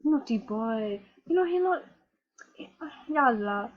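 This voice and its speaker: Woman doing a pious Somali immigrant gamer, Somali accent, broken English, moralizing, high husky voice, muffled recording. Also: expressive, takes it slowly. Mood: disapproving. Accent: put-on Somali accent. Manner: preachy, scandalized, broken English. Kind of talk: in-character troll gameplay commentary. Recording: dull lo-fi recording.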